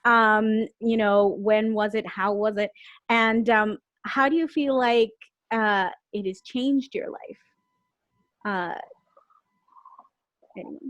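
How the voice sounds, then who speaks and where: A woman's voice: mid-range voice, fairly even intonation, slow pace, long pauses, a bit bright, no room sound, lo-fi sound. A woman co-hosting a casual chat on a video call, earnest and steering the conversation. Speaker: co-host.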